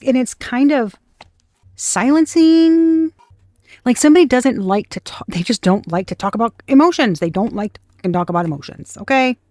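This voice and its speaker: A woman's voice: mid-range voice, darkish tone, dry recording, clean studio sound. Blunt, swearing woman reading tarot. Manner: blunt, swears freely, scornful asides. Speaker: tarot reader. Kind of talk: casual tarot reading to camera.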